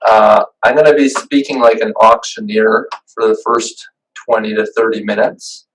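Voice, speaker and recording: A man's voice: on the low side, flat delivery, moderate pace, recorded from a distance, poor audio. A man presenting a webinar over a video call, talking in a casual, chatty way with fillers and restarts. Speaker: business owner giving a webinar.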